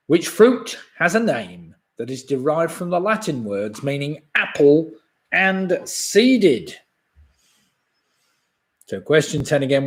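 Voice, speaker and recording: A man in his sixties hosting a live online pub quiz. He reads each question twice and chuckles at his own jokes. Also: fairly high pitch. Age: 60s.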